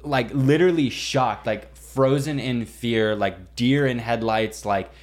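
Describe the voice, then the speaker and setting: A young man co-hosting a podcast, telling a story in casual chat, animated and full of swearing and "like". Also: medium pitch, a little slow. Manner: animated, swearing, heavy use of "like". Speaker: podcast co-host.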